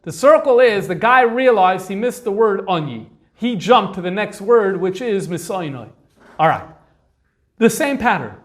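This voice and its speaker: High-voiced man lecturing with many fillers. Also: expressive, normal speed. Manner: conversational, thinks aloud with frequent fillers. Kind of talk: informal lecture on manuscripts.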